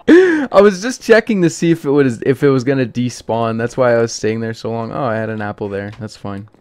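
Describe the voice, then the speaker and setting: A man's voice: mid-range voice, expressive, moderate pace, darkish tone, smooth. A man doing let's play commentary of a game, exasperated and pleading, with jokey asides. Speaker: gaming youtuber.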